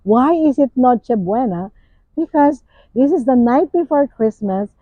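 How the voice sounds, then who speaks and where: An older woman from the Philippines, hosting and sharing memories in a slow, musing way with many fillers. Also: high voice, expressive, no echo. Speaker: host. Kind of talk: casual reflective talk. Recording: tinny phone-like sound.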